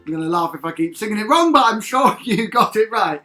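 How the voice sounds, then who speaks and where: A man's voice: high-pitched, expressive, fairly quick, few pauses. A man leading a live-streamed sing-along lesson, chatty and encouraging, breaking into song now and then. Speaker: music leader of a sing-along. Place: home in Havering. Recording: guitar music behind the voice. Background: guitar playing.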